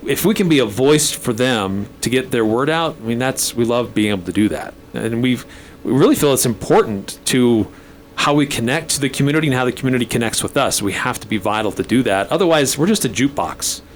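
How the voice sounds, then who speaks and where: A man's voice: medium pitch, expressive, a little fast, a little hiss or hum. A man on a talk radio program, chatting casually and laughing at himself now and then. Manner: chatty, self-deprecating, laughs often. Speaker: radio station manager guest. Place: radio studio.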